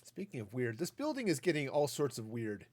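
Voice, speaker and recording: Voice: mid-range voice, very animated, brisk, darkish tone. A gaming streamer in their forties chatting casually while playing, rambling into asides and silly puns.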